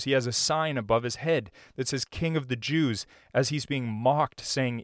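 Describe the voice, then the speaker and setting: A man preaching a sermon, earnest and searching, restarting phrases and going hushed as he quotes scripture. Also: medium pitch, measured pace, few pauses, no echo, studio quality. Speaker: pastor.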